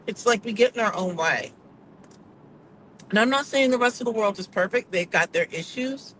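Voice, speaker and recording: A woman's voice: mid-range voice, a bit bright, slight background noise, rough recording. An American woman giving casual, digressive opinion commentary in a vlog, acting out the voices she quotes. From United States. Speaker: vlogger.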